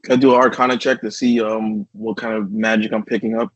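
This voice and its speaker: Husky man on a dull lo-fi mic. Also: fairly low pitch, flat delivery, fast talker, no room sound. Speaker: player. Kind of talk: casual game chat.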